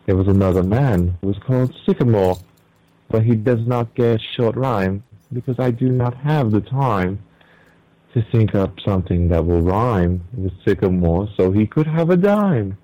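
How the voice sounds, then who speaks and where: Low-voiced young man, dry and close. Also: normal speed, dry recording, lo-fi sound. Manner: laughs easily, stumbles when reading aloud. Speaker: podcast co-host. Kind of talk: casual chat.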